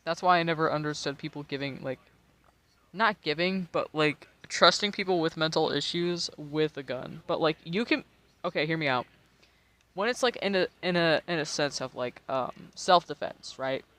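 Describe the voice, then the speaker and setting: American man, twenties, tipsy, profane, rambling, game streamer, slightly high voice. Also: normal speed, a bit bright. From United States. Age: 20s. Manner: rambling, profane, laughs often. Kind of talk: casual live-stream chat while gaming.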